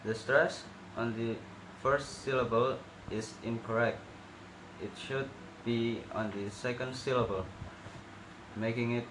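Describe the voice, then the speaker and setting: A young male student slowly reading out a pronunciation assessment and demonstrating sounds. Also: medium pitch, steady tone, a bit bright. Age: young adult. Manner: slow, careful, demonstrating sounds. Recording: echoey room with noticeable background noise.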